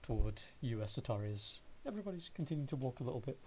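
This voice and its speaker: A man narrating a tabletop role-playing game as game master, descriptive and unhurried. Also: medium pitch, very animated, mellow, slight background noise.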